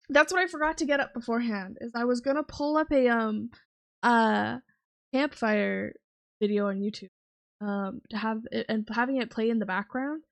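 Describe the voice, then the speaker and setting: A woman hosting a livestream in casual chat. She rambles with lots of fillers and giggles from her home streaming setup. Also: on the high side. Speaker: livestream host.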